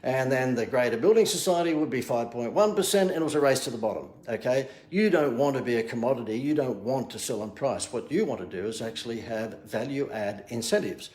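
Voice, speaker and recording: Bantering on his phone outside by a harbour, a marketing coach pokes fun at himself in a joking salesman style during a casual live talk. He speaks briskly at a medium pitch with hardly any pauses, and his darkish tone sounds roomy through the phone camera mic.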